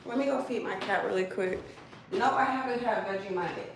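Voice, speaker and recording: A woman's voice: mid-range voice, normal speed, gravelly, recorded from a distance. A woman chatting with viewers on a livestream while walking on a treadmill, laughing easily. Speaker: livestream host. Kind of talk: casual livestream chat. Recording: very echoey room, off-mic, noisy background.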